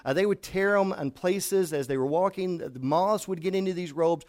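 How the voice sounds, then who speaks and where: A man's voice: high voice, moderate pace, a little mellow. A male pastor preaching a sermon in a church, telling folksy stories with frequent fillers and restarts. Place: church sanctuary.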